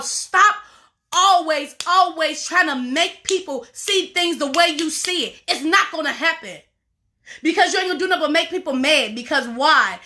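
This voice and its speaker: High bright-voiced woman coach, preachy and repeats herself a lot. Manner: preachy, repetitive, emphatic. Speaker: life coach. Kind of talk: motivational talk to camera.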